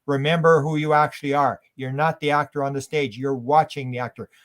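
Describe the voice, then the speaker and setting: A man's voice: fairly high pitch, fairly even intonation, brisk. A man from Canada, a guest in an interview, who rambles animatedly and acts out quotes.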